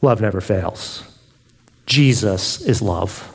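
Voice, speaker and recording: A man preaching a sermon with passion, drawing some lines out softly and raising his voice on others. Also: fairly low pitch, lively intonation, vocal fry, husky. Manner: impassioned, swings between soft drawn-out lines and raised exclamations.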